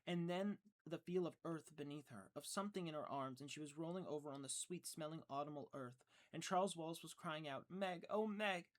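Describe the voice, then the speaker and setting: Man reading an audiobook aloud, slightly high. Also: brisk, hardly any pauses. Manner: earnest, with frequent stumbles and restarts. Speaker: audiobook reader. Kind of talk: audiobook narration.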